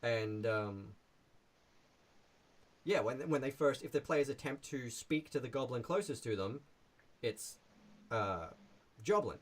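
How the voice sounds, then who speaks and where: A man casually presenting his tabletop adventure on a live stream in a relaxed, rambling way. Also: medium pitch, measured pace, pauses often.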